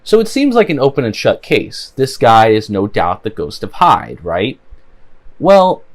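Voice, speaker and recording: A man's voice: on the low side, very animated, a little slow. A man casually recapping a cartoon episode, rambling with frequent fillers and restarts. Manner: rambling, many "you know" fillers. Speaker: show reviewer.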